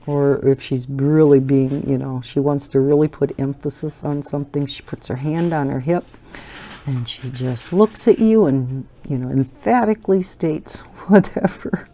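Her voice rumbles low, warm and unhurried. She's an older woman hosting a coloring channel, chatting in a meandering way at home as she colors, dotting her talk with fillers and fond laughter.

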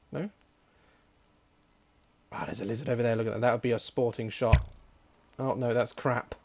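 Excitable, jokey young man. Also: medium pitch, slight background noise. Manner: excitable, swears a lot, jokey. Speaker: gaming YouTuber. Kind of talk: gameplay commentary.

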